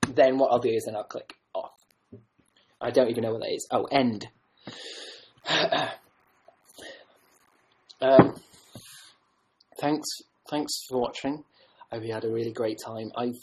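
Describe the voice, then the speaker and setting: Male livestreamer, husky voice, meandering self-mocking patter, webcam mic at home. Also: mid-range voice, darkish tone, poor audio. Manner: joking, rambling, self-mocking. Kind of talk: rambling casual livestream chat.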